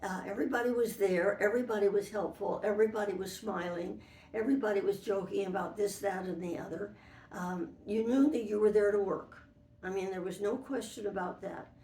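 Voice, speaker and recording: A woman's voice: medium pitch, mellow, distant mic. An older woman being interviewed, telling anecdotes from long ago in a rambling way with restarts. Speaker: interviewee, former model for an animated fairy. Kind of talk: reminiscing interview. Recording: roomy, from away from the mic.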